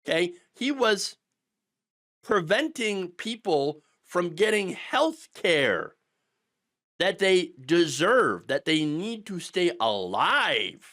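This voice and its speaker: A sarcastic middle-aged man hosts a political commentary rant. His slightly high voice swings widely in pitch as he scoffs at his targets. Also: very animated, takes it slowly, bright, forceful tone. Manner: sarcastic, mocking voices of opponents.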